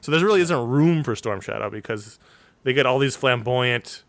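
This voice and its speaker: Wry podcast co-host, dry close sound. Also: male voice, mid-range voice, expressive, normal speed, no echo. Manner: wry, joking asides. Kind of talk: casual chat.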